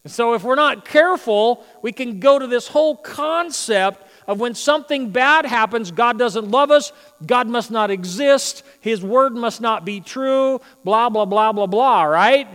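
High-pitched guy preaching in a church, big hall echo, gets loud then drops way down. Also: unhurried, hardly any pauses. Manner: animated preaching, swings between loud emphasis and quiet asides. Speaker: pastor. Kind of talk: sermon. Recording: long reverb of a large hall.

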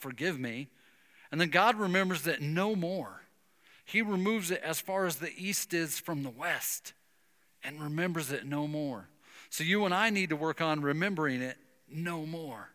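A man preaching a sermon, retelling a Bible story with lively acted-out dialogue. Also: a little high, big-room sound. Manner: animated storytelling, acting out biblical dialogue. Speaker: pastor.

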